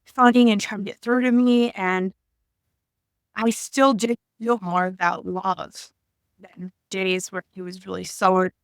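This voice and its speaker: A woman in her thirties talking to camera about her own past, halting and emotional, often searching for words. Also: medium pitch, flat delivery, smooth, no room sound, studio quality. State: tearful at times. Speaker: vlogger. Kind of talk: personal reflective talk to camera.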